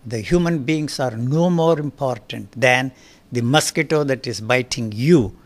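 Fiery, gravelly man in his eighties. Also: medium pitch, unhurried. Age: 80s. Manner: emphatic, forceful and blunt. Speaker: interview guest. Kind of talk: fiery spoken discourse. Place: recording studio.

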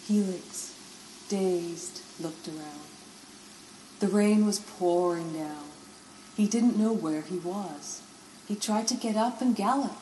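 A woman narrating a children's storybook in a gentle, expressive way. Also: mid-range voice, reverberant, slight background noise, poor audio. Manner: gentle, expressive, lingering on words.

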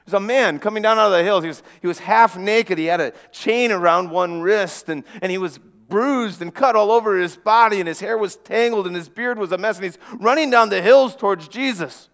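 A man preaching a dramatic first-person story, earnest, often dropping to a hush and repeating words as he goes. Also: high-pitched, brisk, few pauses, in a large hall. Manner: earnest, with frequent restarts and dramatic hushes.

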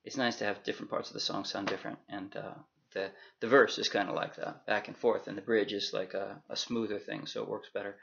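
A man teaching a ukulele strum in a relaxed, chatty way and counting the beats aloud. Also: on the low side, a little fast, creaky. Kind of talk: casual music lesson. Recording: dull lo-fi sound with loud ukulele. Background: ukulele playing.

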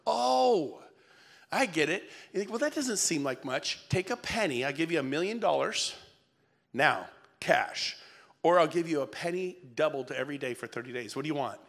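A man in his fifties giving an energetic motivational speech on stage, swinging between shouts and hushed lines and laughing as he talks to the crowd. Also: on the high side, vocal fry. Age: 50s. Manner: energetic, shouting peaks and dropping to near-whisper. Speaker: real estate speaker. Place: event hall before an audience.

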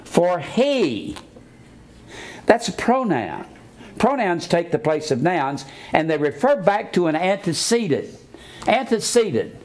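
A man's voice: high voice, sing-song, unhurried. An older man preaching a sermon, blunt and scornful, stopping to teach grammar like a schoolteacher. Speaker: pastor.

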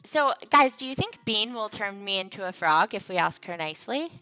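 Bright, playful young woman streamer. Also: mid-range voice, expressive, moderate pace, no echo, faint music behind. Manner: playful, jokey, chatty. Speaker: livestream host. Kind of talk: casual game livestream chat.

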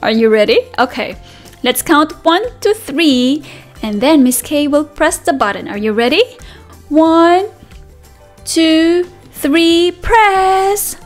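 A woman teacher reading a picture book aloud to toddlers, animated and sing-song, gasping and asking the children questions. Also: high voice, takes it slowly, faint music behind.

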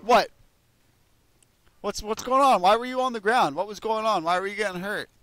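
A young man giving profane, excitable gameplay commentary, cursing at his teammates with loud outbursts. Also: high voice, normal speed, no room sound. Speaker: gaming video creator.

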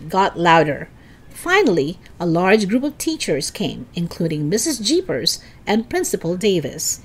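A woman storyteller reads a children's chapter book aloud. Her pitch sits in the middle but swings widely and expressively. She jumps up high and excited whenever the kids speak. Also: measured pace. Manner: lively reading, high excited voices for the kids' lines.

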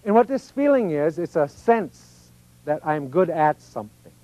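A man's voice: on the high side, very animated, measured pace, dark tone, no echo, dull audio. A man giving an informal, folksy teaching talk, often acting out little voices of children and parents. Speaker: speaker on personal growth.

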